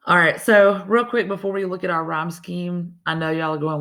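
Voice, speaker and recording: Woman teacher, slightly gravelly, talking casually through a lesson. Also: on the low side, fairly even intonation, normal speed, hardly any pauses, a bit bright. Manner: casual, chatty, restarts often. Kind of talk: recorded classroom lesson.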